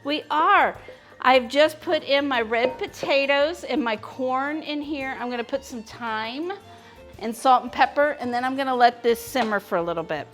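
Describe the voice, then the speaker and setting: A woman's voice: sits high, moderate pace, soft background music. A woman hosting a live cooking demonstration from her kitchen, chatting with her viewers as she cooks. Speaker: cooking show host. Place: home kitchen.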